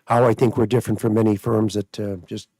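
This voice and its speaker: A man hosting a call-in radio show on money, talking fast and spelling things out for callers. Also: lowish voice, flat delivery, warm tone, dry recording, studio quality. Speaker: radio show host, financial planner.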